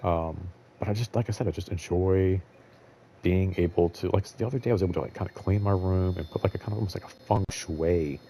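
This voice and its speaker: Casual host: low, mellow-voiced young man, rambling and candid, faint noise behind. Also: fairly quick. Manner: rambling, filler-heavy, candid and profane. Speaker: show host.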